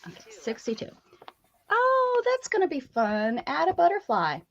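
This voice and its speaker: Lively chatty American woman. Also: high-pitched, a little slow, dull audio. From United States. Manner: chatty, laughs often, animated. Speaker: art stream host. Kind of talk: casual chat while crafting.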